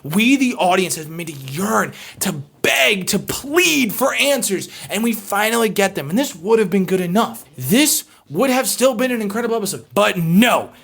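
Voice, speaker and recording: A video essayist reviewing a TV episode, swearing freely and swinging between excited shouting and quiet reflection. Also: medium pitch, normal speed, vocal fry, few pauses, breathy edge. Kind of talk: impassioned review commentary.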